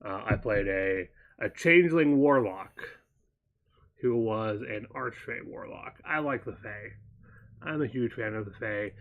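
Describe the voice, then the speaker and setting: A man co-hosting a casual chat show, wandering through his thoughts and pausing to recall details. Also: on the low side, expressive, narrow, tinny audio. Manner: meandering, stops to recall details mid-sentence.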